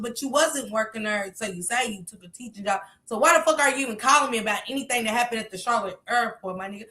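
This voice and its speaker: High, bright-voiced woman ranting on stream. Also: fast, hardly any pauses, echoey room. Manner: heated, profane, shouting in bursts. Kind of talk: casual livestream rant.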